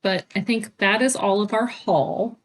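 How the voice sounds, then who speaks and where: A woman's voice: medium pitch, unhurried, a little hiss or hum. A woman co-hosting a cross-stitch video podcast, chatting casually and showing off her craft supplies, with lots of fillers. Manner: chatty, bubbly, filler-heavy. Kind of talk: casual chat. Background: TV playing.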